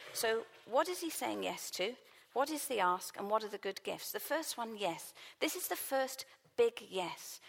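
British lady giving a sermon, bit high voice, tells little stories and repeats words for punch. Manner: storytelling, warm anecdotes, emphatic repetition. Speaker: preacher.

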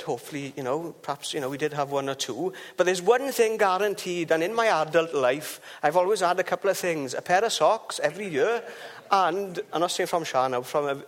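A man giving an informal devotional talk, chatty and rambling, with asides and restarts. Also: on the high side.

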